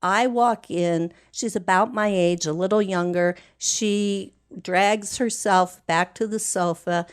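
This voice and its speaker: A woman, a guest, telling a personal story slowly, deliberately and earnestly. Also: medium pitch, steady tone, smooth.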